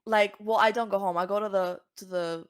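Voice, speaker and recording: A woman from Cuba, a singer and podcast guest, telling a story casually and acting out the voices she quotes with big jumps in pitch. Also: fairly even intonation, brisk, smooth, dry recording, studio quality.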